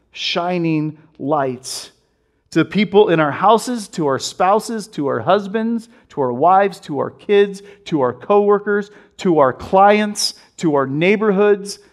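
A man's voice: sits high, lively intonation, slow pace. A man in his thirties preaching a conversational sermon, reading scripture aloud and telling stories about his young son. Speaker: pastor.

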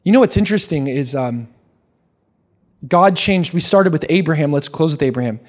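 A young man preaching a sermon, animated, with quick restarts and questions put to the congregation. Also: a little high. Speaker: pastor.

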